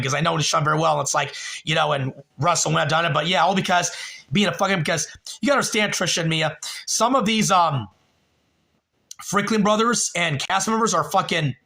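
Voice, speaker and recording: A man's voice: fairly high pitch, vocal fry, bright, forceful tone. A young man hosting a livestream, telling a long story in a rambling, profane way with many fillers, and a little tipsy. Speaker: livestream host.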